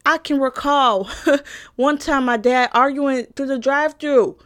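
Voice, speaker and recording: A woman's voice: high voice, measured pace, a bit bright. A young woman giving an emphatic, satirical personal monologue, repeating lines for punch and swearing freely. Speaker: comedic commentator.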